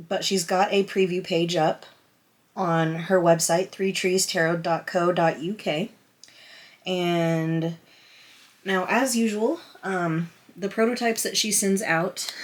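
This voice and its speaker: A woman unboxing a tarot deck on camera at her table, excited, flustered and emotional, rambling with restarts. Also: on the low side. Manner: emotional, close to tears. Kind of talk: casual chatty unboxing. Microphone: camera on a stand at a table.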